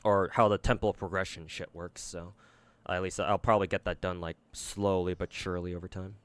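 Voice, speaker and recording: A man's voice: sits low, little pitch movement, normal speed, no echo. A man streaming and giving casual commentary on games, rambling and swearing a lot, with many fillers and restarts. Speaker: gacha game streamer.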